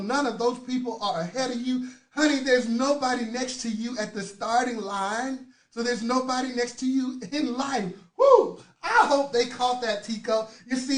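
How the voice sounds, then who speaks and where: A man hosting a live motivational talk, leading affirmations and calling out viewers by name in an energetic, preachy way. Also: very high-pitched, fairly quick. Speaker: motivational host. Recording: roomy echoey sound.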